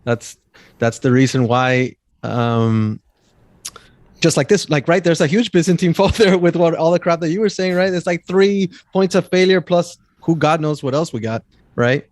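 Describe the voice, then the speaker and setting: A man's voice: on the high side, moderate pace, a little mellow, no room sound. Hesitant male guest, dry sound. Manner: hesitant, filler-heavy. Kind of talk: casual stream chat.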